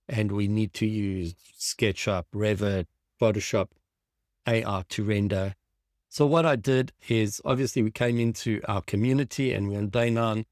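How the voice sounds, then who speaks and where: A man's voice: lowish voice, darkish tone, dry recording, clean studio sound. A man teaching a design tutorial over a screen share, thinking aloud with enthusiasm as he clicks through images. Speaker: design instructor.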